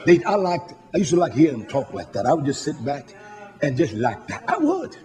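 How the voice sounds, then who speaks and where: A man preaching a sermon, fervent and blunt, swinging from quiet asides to shouted peaks. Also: fairly high pitch, wildly swooping pitch, fairly quick.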